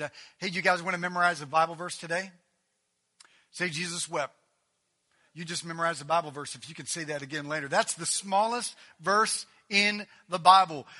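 A man preaching a sermon, reading scripture and acting out the people in it, swinging between loud outbursts and hushed, quiet lines. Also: fairly high pitch. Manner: dramatic, acts out voices, swings from shouting to hushed. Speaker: pastor.

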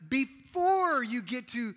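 A middle-aged male pastor preaching a sermon in a church, swinging from loud emphasis to hushed tones. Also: very high voice, lively intonation, takes it slowly. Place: church sanctuary. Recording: reverberant hall.

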